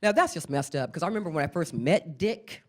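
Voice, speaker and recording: A middle-aged woman performing a stand-up comedy set, often jumping into squeaky acted-out voices. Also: expressive, fast talker.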